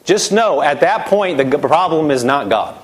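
A middle-aged man delivers a sermon with emphatic force, and his voice sits a little on the high side. He swings sharply up and down as he drives his points home, slipping into quoted voices along the way. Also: lively intonation, moderate pace. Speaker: preacher.

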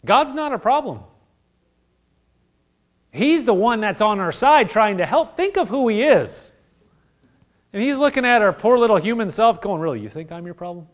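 Pastor guy preaching, kinda high voice, swings all over the place, plays out little back-and-forths. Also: measured pace, long pauses. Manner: animated preaching, acts out voices of God and people. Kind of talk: sermon.

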